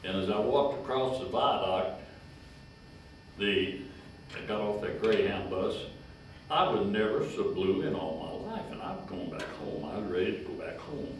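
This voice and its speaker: Now in his 90s, this retired county agent from Kentucky tells long, rambling personal stories slowly and folksily, with a chuckle. His fairly low man's voice has lively intonation; slight background noise, an echoey room and a distant mic mark the recording.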